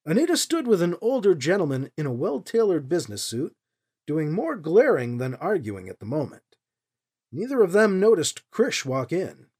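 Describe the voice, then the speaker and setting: A woman narrating a novel as an audiobook, with expressive storytelling. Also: lowish voice, normal speed, husky. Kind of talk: scripted narration.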